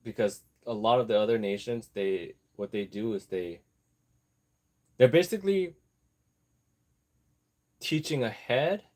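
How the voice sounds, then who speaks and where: A man's voice: lowish voice, animated, a little slow, long pauses, a little mellow. A man vlogging in a rambling casual chat, digressing and laughing often while he works on an apron. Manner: chatty, digressive, laughs often, easily distracted; talks while sewing an apron.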